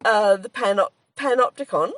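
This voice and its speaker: A woman's voice: mid-range voice, normal speed, a bit bright, no echo. An Australian woman co-hosting a casual podcast, rambling chattily, often laughing and breaking off mid-sentence to restart. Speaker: podcast co-host, comedian. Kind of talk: casual chat.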